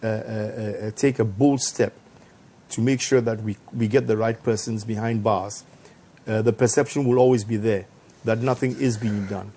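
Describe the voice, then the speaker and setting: Man, TV panel guest, halting, repeats words, good-humoured, faint background noise. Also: lowish voice, fairly even intonation, warm tone. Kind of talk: studio debate. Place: TV studio.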